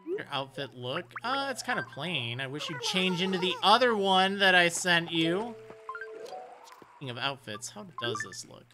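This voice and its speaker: A man's voice: a little high, big pitch swings, moderate pace. A man streaming a life-sim game in casual commentary, chatting and laughing often as he talks to the characters. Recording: game music playing loud. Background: game music.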